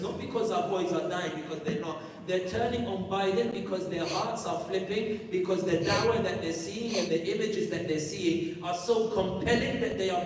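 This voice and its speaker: A man's voice: sits high, background noise. A man giving an emphatic live talk at a youth conference, firing off rhetorical questions and directing the crowd. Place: large conference hall. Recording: echoey hall from far off.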